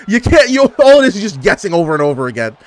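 A young man giving casual, animated gameplay commentary as a gaming YouTuber, trash-talking and exclaiming. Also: sits high, no echo. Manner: animated trash talk, frequent laughs and exclamations.

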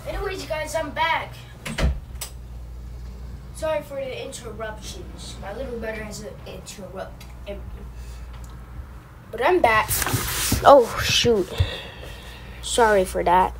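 A woman's voice: on the high side, expressive, measured pace, pauses often, noisy background. A woman giving casual gameplay commentary, chatty and easily frustrated, rambling asides to her viewers. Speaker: gaming video creator.

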